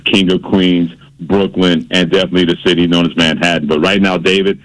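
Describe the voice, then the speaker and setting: A man's voice: low-pitched, little pitch movement, a little fast, fairly bright tone, poor audio. A man hosting a sports radio show, telling stories and teasing a colleague in a playful way. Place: radio studio. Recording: radio broadcast.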